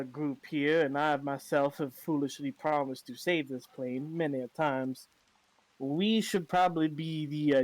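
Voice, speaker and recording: Earnest, halting man at a game table. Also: on the high side, no room sound, rough recording. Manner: earnest, halting, with restarts and fillers. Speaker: player. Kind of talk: tabletop role-play table talk.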